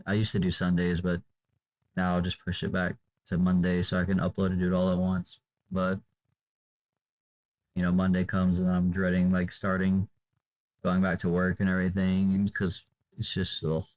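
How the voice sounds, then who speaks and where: In a rough recording, a young man with a low, darkish voice rambles through an unscripted vlog. He sounds worn out, drifting loosely, using many fillers and letting sentences trail away.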